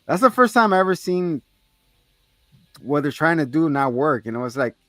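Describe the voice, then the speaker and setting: A man's voice: on the high side, normal speed, no echo. A man hosting a podcast, casually recapping a movie scene by scene, swearing freely and acting out the characters' lines in a raised voice. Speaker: podcast co-host.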